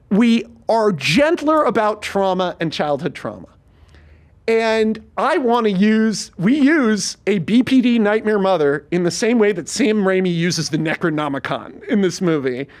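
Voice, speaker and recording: A podcast host and screenwriter chatting casually, pitching a movie in an animated, swearing rush. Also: male voice. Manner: rapid, animated, swears freely.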